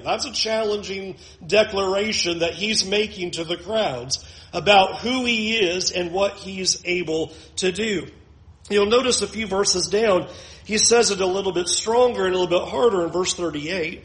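High-voiced preacher in an echoey room. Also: male voice, animated, fairly bright tone. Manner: reads scripture slowly, acts out the crowd's voices. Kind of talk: sermon.

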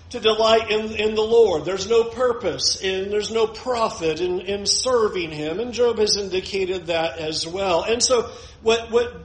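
A man preaching an expository sermon, earnest and emphatic, slowing and repeating phrases for weight. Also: sits high, echoey room, slight background noise, poor audio.

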